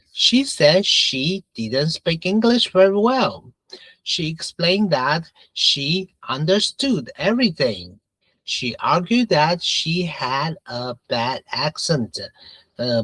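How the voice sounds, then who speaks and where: A man teaching an English grammar lesson, going back and forth between English and Mandarin, repeating phrases and filling pauses with uh and okay. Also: on the high side, a bit bright, no echo, low-quality recording.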